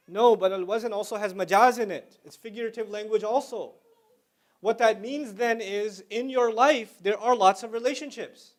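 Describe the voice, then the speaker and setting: A man's voice: high-pitched, normal speed. A middle-aged man giving a religious lecture to students in a conversational way, explaining terms and slipping into slang. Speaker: Islamic lecturer.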